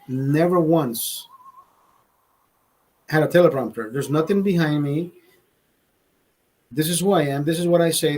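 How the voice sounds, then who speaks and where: A man's voice: a little high, darkish tone. A man hosting a livestream, telling a story in a profane, emphatic way, often repeating himself and restarting sentences. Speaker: livestream host. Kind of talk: casual live storytelling rant.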